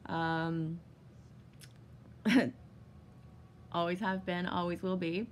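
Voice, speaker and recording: A woman vlogger casually telling a long story, rambling with lots of fillers, swearing often and bursting into giddy excitement. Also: on the low side, extremely slow, a little hiss or hum.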